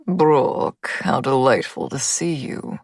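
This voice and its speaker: A woman voicing a smiling but coldly menacing older crime boss, speaking in a smooth, falsely polite way. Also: rumbling low, sing-song, slow, darkish tone, no room sound, clean studio sound, voice pushed down, heavily acted.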